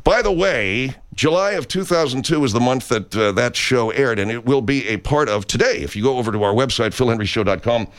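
A man's voice: medium pitch, a little fast, few pauses, dry recording. A man hosting a comedic radio talk show with wry, exasperated banter.

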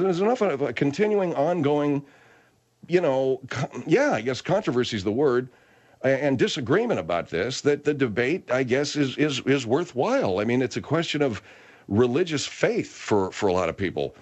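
A man hosting a radio talk show, rambling and hesitant as he chats. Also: medium pitch. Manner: rambling, hesitant, lots of restarts.

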